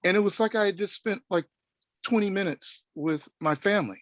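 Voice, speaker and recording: A middle-aged man from Oklahoma telling a story on a panel, animated and rambling with many restarts. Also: sits high, a little fast, dry recording. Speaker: panel guest.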